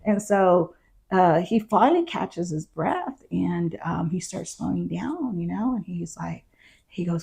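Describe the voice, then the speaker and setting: A middle-aged woman who served as a constable shares her story in an interview, speaking casually and mimicking others' words as she recounts events with quoted dialogue. Her lowish voice is animated and measured, creaky, dark and husky.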